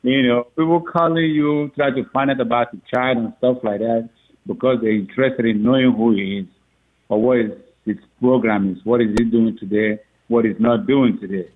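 A father telling a story on the phone, animated and laughing often as he acts out what people said. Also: mid-range voice, moderate pace. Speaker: father of a recruit. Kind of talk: phone interview. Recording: tinny phone line.

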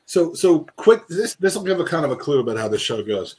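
A man's voice: a little high, sing-song, a little fast, a little mellow, breathy edge. A man co-hosting a casual football podcast, rambling and joking as he reads out names from the live chat. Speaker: podcast co-host.

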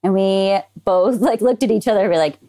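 A woman's voice: medium pitch, fairly quick, mellow. Upbeat chatty woman, vet tech guest on a podcast, easygoing. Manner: upbeat, laughing easily, chatty. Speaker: veterinary anesthesia technician guest. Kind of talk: casual podcast interview.

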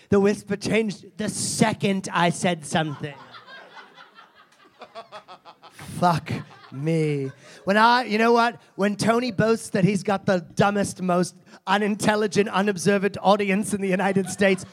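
A man hosting a live comedy show on a theater stage, mock-solemn and abrasive, swearing and laughing at his own jokes. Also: sits high.

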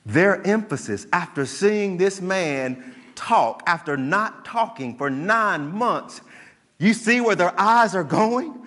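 Bright high-voiced preacher in a reverberant hall. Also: male voice, takes it slowly. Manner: animated preaching, acts out quoted voices. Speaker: pastor. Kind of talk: sermon.

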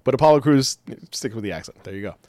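A man co-hosting a casual chat show, rambling, excitable and laughing often. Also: mid-range voice, quick pace, no echo. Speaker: podcast co-host.

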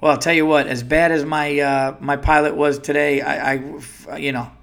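A man's voice: on the high side, level tone, moderate pace, gravelly, a bit bright. A man hosting a casual solo podcast, rambling and joking crudely as he reads listener emails aloud. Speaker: podcast host.

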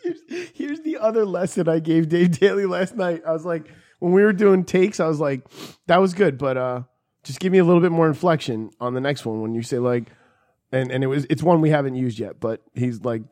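A man with a high, lively voice that leaps up and down as he tells a crude story. He co-hosts a podcast and slips into impressions of friends, chuckling between lines. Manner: animated storyteller, quick laughs, mimics others. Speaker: podcast co-host. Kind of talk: crude casual banter.

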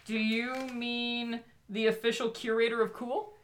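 A woman's voice: a little high, level tone, a little slow, slight background noise. A woman co-hosting a casual podcast chat about picture books, playful and teasing, with jokey asides. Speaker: podcast co-host.

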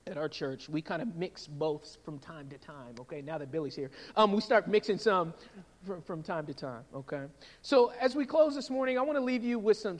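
A man delivers a sermon with a very high-pitched voice. He talks in an animated, conversational way and keeps checking in with the congregation. His voice rings out with the long reverb of a church sanctuary. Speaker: preacher.

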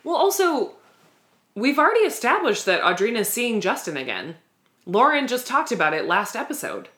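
A woman's voice: fairly high pitch, big pitch swings, normal speed, fairly bright tone. A woman co-hosting a podcast, recapping a TV episode in a chatty, candid way and laughing easily. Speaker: podcast co-host. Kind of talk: casual TV recap chat.

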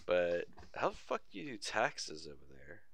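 A man's voice: low-pitched, wildly swooping pitch, moderate pace, creaky, a bit bright. A young man chatting casually on a podcast, laid-back and swearing freely. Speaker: podcast co-host.

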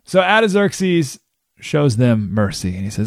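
A man hosting a radio talk show, telling a history story in a casual, lively way and acting out the people's lines. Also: mid-range voice, normal speed, no room sound, studio quality. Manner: casual, animated storytelling, acting out quotes in voices. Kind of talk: radio monologue retelling history.

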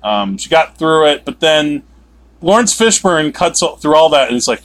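Animated rambling male movie reviewer. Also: fairly high pitch, moderate pace. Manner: animated, rambling, with sudden emphatic outbursts. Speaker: podcast co-host. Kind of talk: casual movie review chat.

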